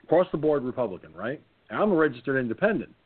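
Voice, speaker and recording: A man in his sixties hosting a casual talk show, telling a comic anecdote and jumping into silly high voices. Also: sing-song, very fast, breathy edge. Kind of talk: casual storytelling chat. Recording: phone-line audio.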